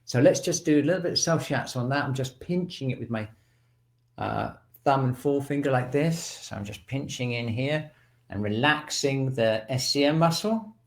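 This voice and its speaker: A man teaching a self-shiatsu class over a video call, calmly guiding stretches and breaths. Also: medium pitch, normal speed, gravelly. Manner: calm instructor, counting breaths.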